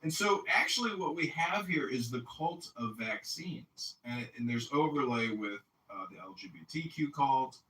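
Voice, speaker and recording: A man hosting a casual political talk stream, telling stories in an animated, profane way. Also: a little high, normal speed, few pauses, recorded from a distance. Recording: echoey room, off mic, faint noise.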